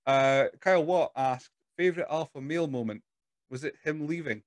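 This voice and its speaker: A man hosting a casual interview podcast, reading out listener questions in a relaxed, halting way. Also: a little high, no echo. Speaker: podcast host.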